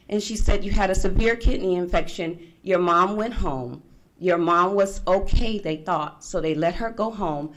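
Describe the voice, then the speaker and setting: A woman's voice: on the low side, normal speed. A middle-aged woman speaking at a forum, telling a personal story to an audience and acting out the voices of the people in it. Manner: animated storyteller acting out past conversations. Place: conference room.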